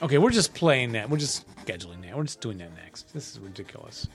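Brief: male podcast co-host, playful quizmaster, casual banter, mid pitch. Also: big pitch swings, brisk, faint music behind. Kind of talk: casual chat quizzing on game rules.

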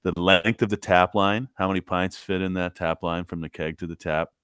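In a podcast studio, a male co-host with a low, smooth voice talks at normal speed, spinning stories in a casual chat with dry, joking ease. The recording is dry.

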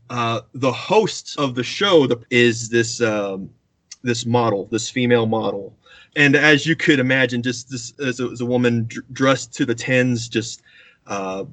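Male storyteller, animated, close dry sound, acts out quotes. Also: mid-range voice, no room sound. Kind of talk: casual anecdote telling.

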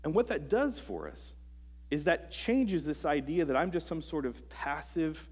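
A man preaching a sermon to a congregation. He is earnest, asks them rhetorical questions, restarts phrases often and lets his sentences trail off softly. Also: on the high side, very animated, husky. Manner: halting restarts, soft trailing phrase ends. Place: church service before a congregation.

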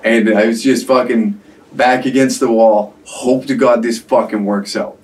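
A man's voice: mid-range voice, steady tone, a little slow, darkish tone. A man hosting a podcast, telling a story in casual chat with lots of swearing and laughter. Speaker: podcast host. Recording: distant mic, faint background noise.

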